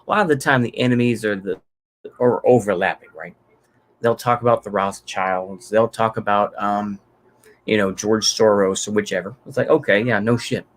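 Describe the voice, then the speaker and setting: A man's voice: fairly low pitch, normal speed. A man from Texas giving unscripted solo political commentary, rambling and profane, with many fillers and restarts.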